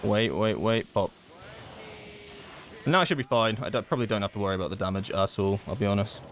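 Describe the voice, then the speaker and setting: A man giving live gameplay commentary, thinking aloud and excitedly pleading with his teammates. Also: on the low side, a little fast, a little hiss or hum. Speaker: gaming content creator.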